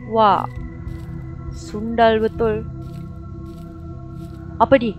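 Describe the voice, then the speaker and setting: Cussing Malaysian woman gamer, slow-talking. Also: on the high side, monotone, highs cut off, over music. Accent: Malaysian English. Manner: jumpy, swears constantly, loud startled reactions. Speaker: gaming streamer. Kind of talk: horror game let's play commentary.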